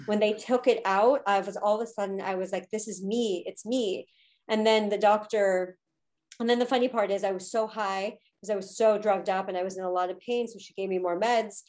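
Speaking a little fast in a steady, darkish voice of medium pitch, a woman in her thirties shares a personal story as a podcast guest. She's a spiritual teacher, candid and emotional, with frequent filler words.

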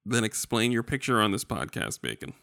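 A man's voice: fairly low pitch, very animated, brisk, vocal fry, sharp tone, no room sound, studio quality. A man co-hosting a podcast in casual, rambling, joking chat. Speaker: podcast co-host.

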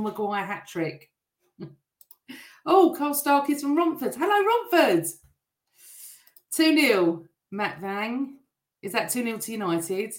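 Reading comments on her live stream, a middle-aged woman chats and welcomes viewers by name, her medium-pitched voice still slightly rough. The sound is roomy.

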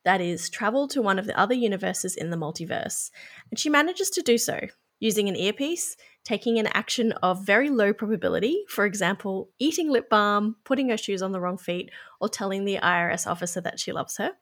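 A woman podcast host reading a smooth, prepared film summary and then asking her guest questions. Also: mid-range voice, expressive, brisk, a bit bright. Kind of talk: film recap then interview.

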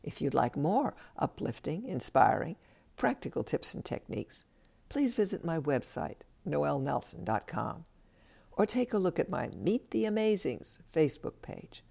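Low, gravelly woman host with lively pitch. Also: measured pace. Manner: direct, coaching, acts out quoted dialogue. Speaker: self-help podcast host. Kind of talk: scripted self-help talk.

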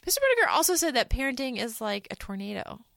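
A woman co-hosting a casual podcast, talking in an animated, sarcastic way and often mimicking the people she quotes. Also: a little high, fast talker, gravelly, no room sound, clean studio sound. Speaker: podcast co-host.

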